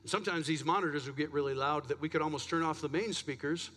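A man's voice: a little high, fairly even intonation, quick pace, fairly bright tone. A man pastor preaching a sermon in a church, chatty and self-deprecating, a bit out of breath. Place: church sanctuary.

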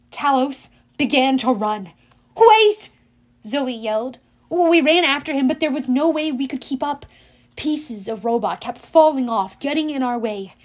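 A woman narrates an audiobook in a high, bright voice. Her reading is dramatic and expressive, rising to loud urgent moments and dropping to hushed, quiet endings.

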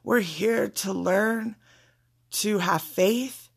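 A woman's voice: medium pitch, very slow, creaky, breathy edge. A woman giving a casual spiritual pep talk in an emphatic, repetitive way, with blunt swearing. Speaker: motivational speaker.

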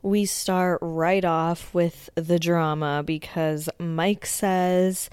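A woman's voice: fairly low pitch, level tone, very slow, darkish tone, clean tone, no echo, studio quality. A woman hosting a podcast, giving a blunt, casual recap of a TV show, swearing often and filling with "like". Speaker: podcast host.

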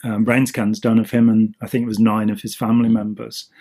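Male co-host, husky voice, loose rambling explainer, casual chat. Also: on the low side, level tone, a little fast, dark tone. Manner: rambling, with many ums and restarts. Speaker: podcast co-host.

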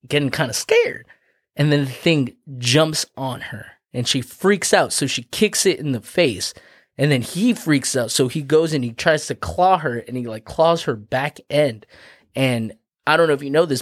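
A man's voice: medium pitch, no echo, clean studio sound. A young man casually retelling a folk tale as a podcast co-host, profane and rambling. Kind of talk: crude comic storytelling.

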